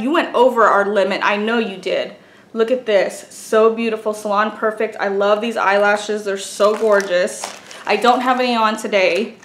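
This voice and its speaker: A woman's voice: mid-range voice, fairly bright tone. A woman chatting casually as she unboxes gifts for a vlog, gushing and exclaiming over each item. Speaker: beauty and craft vlogger. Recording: echoey room with faint noise.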